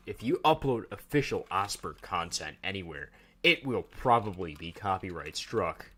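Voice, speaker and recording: A man's voice: low-pitched, big pitch swings, normal speed, pushed and bright. A man hosting a livestream, chatting casually and joking as he rambles and talks to his chat. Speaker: livestream host.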